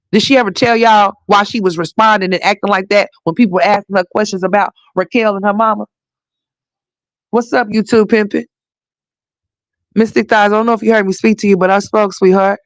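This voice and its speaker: A woman hosting a livestream, giving blunt, profane commentary and scolding directly, her voice hoarse. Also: mid-range voice, fairly even intonation, brisk, no room sound. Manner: blunt, scolding, profane, talks straight to viewers.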